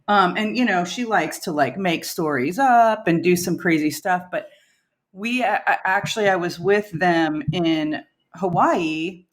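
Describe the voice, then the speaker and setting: A woman's voice: fairly low pitch, a little slow. Chatty laughing woman telling stories. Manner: chatty, laughs often, rambling asides. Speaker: band member guest. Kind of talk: casual storytelling.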